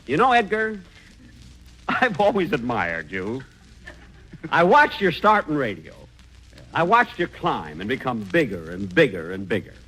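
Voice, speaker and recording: A man's voice: mid-range voice, wildly swooping pitch, measured pace, pauses often, pushed and bright, slightly rough, low-quality recording. A man hosting a 1940s radio comedy with a dry, self-important comic delivery. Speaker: comedy show host.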